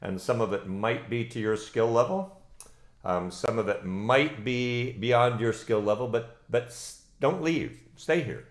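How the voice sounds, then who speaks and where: A man's voice: medium pitch, fairly even intonation, unhurried. Chatty, encouraging male ukulele teacher. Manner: chatty, encouraging, many ums and uhs. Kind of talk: casual live online lesson. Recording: roomy echo with ukulele playing.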